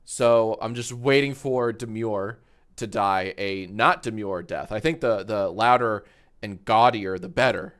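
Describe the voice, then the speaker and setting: A man's voice: on the low side, measured pace, a bit bright. Tipsy, rambling male streamer. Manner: rambling, profane, joking. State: tipsy from wine. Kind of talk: casual live-stream chat. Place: home studio with green screen.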